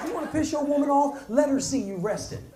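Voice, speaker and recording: A man doing a stand-up set, telling family stories with animated delivery and acting out quarrels. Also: extremely high pitch, quick pace, over a noisy crowd, heavy background noise. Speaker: stand-up comedian. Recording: live club set with audience laughter.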